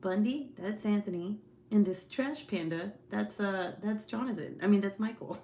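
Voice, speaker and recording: Laughing, swearing young mom chatting. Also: female voice, mid-range voice, normal speed, mellow. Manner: laughs often, swears freely, slangy and joking. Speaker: livestream host chatting with viewers; mother of several young kids. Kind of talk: casual chat.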